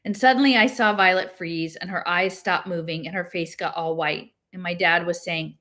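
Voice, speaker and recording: A woman reading a novel aloud, lifting her pitch and voice for the characters' lines. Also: fairly even intonation, moderate pace, hardly any pauses, pushed and bright. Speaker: reader.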